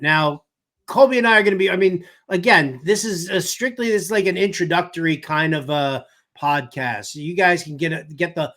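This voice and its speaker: A man in his mid-fifties hosts a fantasy baseball podcast, his voice a little high with a fairly bright tone. He rambles through casual chat, joking and cursing freely.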